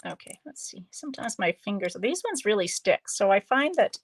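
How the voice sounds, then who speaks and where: A woman demonstrating card-making on a live stream, chatting slowly and thinking aloud as she works. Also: mid-range voice, very animated, husky. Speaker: stamping demonstrator.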